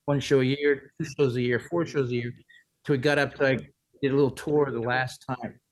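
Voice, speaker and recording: A man's voice: medium pitch, fairly even intonation, a little fast, a little hiss or hum, low-quality recording. A man in his sixties, a musician guest, telling long rambling stories in a casual interview. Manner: rambling anecdotes, many restarts and "like".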